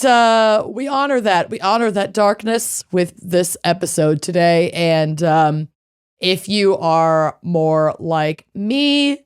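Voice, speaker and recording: Slow-talking playful woman podcast host. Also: fairly low pitch, clear, resonant tone. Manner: playful, animated, drawn-out emphasis. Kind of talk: casual chat.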